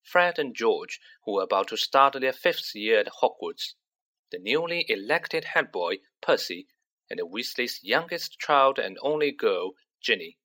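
A man reads a storybook aloud at a slow, unhurried pace. His voice is bright and animated, rising and falling expressively. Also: medium pitch. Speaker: audiobook narrator. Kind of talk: storybook narration.

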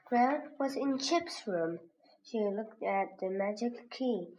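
A woman slowly reading a children's reader aloud as a lesson, pronouncing each word with care. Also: a little high, lively intonation, a little mellow. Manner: slow, careful, clearly pronounced. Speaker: reading teacher. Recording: dull lo-fi recording with faint hiss.

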